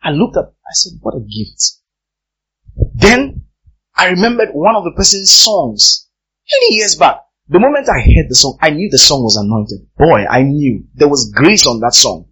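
Brief: male preacher delivering a sermon with an animated swing in pitch, hammering lines by repetition. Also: normal speed, breathy edge, rough recording. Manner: emphatic, repeats phrases for effect.

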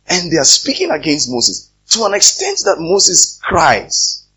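A man, a pastor, preaching a sermon to his congregation, reading scripture and then speaking to them directly with pointed questions and loud, emphatic peaks. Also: on the high side, wildly swooping pitch, measured pace, few pauses, breathy edge. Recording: dull lo-fi sermon recording.

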